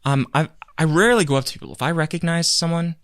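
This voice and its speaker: A man with a slightly high voice talks fast over clean studio sound with no room echo. Co-hosting a podcast, he spins a rambling story in relaxed conversation, animatedly voicing other people's lines and often correcting himself amid lots of fillers.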